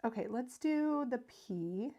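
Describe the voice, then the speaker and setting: Running a card-making livestream, a woman in her thirties chats casually and answers viewer comments while she works. Her voice is on the high side and animated, with a slow pace and warm tone, though the audio sounds dull.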